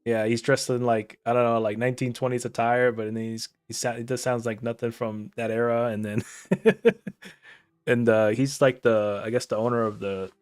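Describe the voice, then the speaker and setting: A young adult man co-hosting a casual review podcast, recapping the plot in a relaxed, rambling way. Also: mid-range voice, normal speed, clear, resonant tone, no echo, studio quality. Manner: relaxed, rambling, hesitant with fillers. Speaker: podcast co-host.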